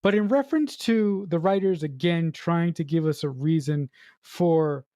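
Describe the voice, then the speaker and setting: A man's voice: fairly high pitch, measured pace, dark tone, dry recording, clean studio sound. A man co-hosting a podcast, giving his view in a reflective, explaining way. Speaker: podcast co-host. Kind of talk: casual podcast discussion.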